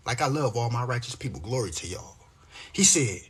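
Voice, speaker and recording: A man's voice: medium pitch, sing-song, moderate pace, pauses often, a bit bright, slightly rough. A man talking casually to his viewers, reading scripture aloud and preaching emphatically with lots of profane slang. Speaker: vlogger.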